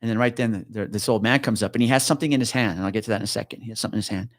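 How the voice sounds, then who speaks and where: Rapid-fire and on the low side, this middle-aged former police officer casually narrates a tense story for an interview. The clean, dry studio recording captures him swearing, staying animated, and performing the voices of the people he describes.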